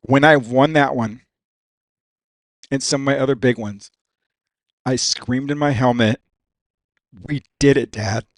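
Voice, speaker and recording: A man's voice: mid-range voice, fairly even intonation, measured pace, long pauses, dry recording. A man talking as a guest on a podcast, casual and profane, saying "dude" all the time. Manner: profane, says "dude" constantly. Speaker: racing driver guest. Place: podcast studio.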